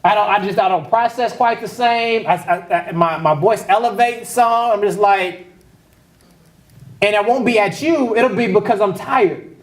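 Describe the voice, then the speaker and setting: A pastor delivers a loose, conversational sermon, his voice sitting noticeably high for a man. He is heard from some distance in a roomy, echoing sanctuary. He talks casually and drops joking asides to the congregation. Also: moderate pace. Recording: echoey hall, voice picked up from afar.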